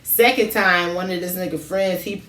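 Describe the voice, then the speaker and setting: A woman's voice: fairly low pitch, moderate pace, a little hiss or hum. Woman telling stories in a roomy space. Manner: animated storytelling, heavy slang. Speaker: co-host. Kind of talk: casual chat. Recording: roomy, distant from the mic.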